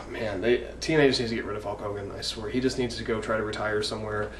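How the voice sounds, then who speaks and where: A man's voice: fairly low pitch, steady tone, fast, distant mic. A man in his twenties ranting in a vlog, profane, indignant and rambling. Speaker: wrestling fan vlogger. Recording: echoey room, mic from afar, faint noise.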